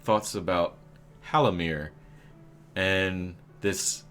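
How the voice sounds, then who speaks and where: Slow, low-voiced man narrating a tabletop game. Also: steady tone, a bit bright, faint music behind. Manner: rambling, many fillers, jokey asides. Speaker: game master.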